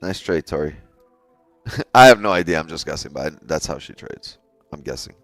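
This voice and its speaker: A man's voice: very deep voice, expressive, normal speed, a bit bright, dry recording, soft background music. A man hosting a live day-trading stream, chatting casually with his viewers, laughing often and swearing freely. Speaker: day-trading livestream host.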